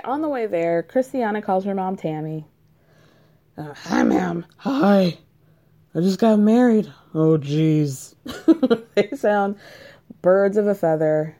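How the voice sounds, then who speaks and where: A woman with a low, dark voice chats casually and sarcastically about a reality show. She swears freely and fills her talk with "like."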